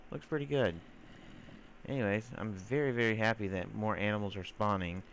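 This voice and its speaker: Fairly low and fairly quick, this gamer's voice comes with a little hiss or hum. He chats loosely through his gameplay with lots of fillers, sometimes teasing the creatures in baby-talk.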